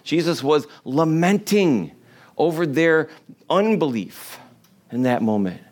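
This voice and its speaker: A middle-aged man preaching a sermon in a conversational storytelling way, with lively quoted voices and soft laughs. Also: a little high, slow pace. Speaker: pastor.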